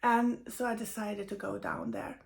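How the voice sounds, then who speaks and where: A middle-aged woman telling a personal story of loss, tired and emotional, speaking haltingly with many pauses. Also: medium pitch, fairly even intonation, gravelly. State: tired and grieving. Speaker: medium sharing personal news.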